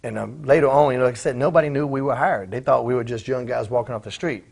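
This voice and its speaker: Fast-talking gravelly man swearing. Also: medium pitch, a little mellow. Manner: profane, acts out quoted voices in his stories. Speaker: former pro wrestler, interview guest. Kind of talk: casual storytelling in a shoot interview.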